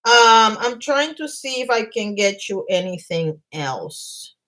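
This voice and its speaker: Woman vlogger, fairly high voice, agitated rushed storytelling, stumbles and restarts, live stream from home. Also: big pitch swings, sharp tone, rough recording. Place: home apartment.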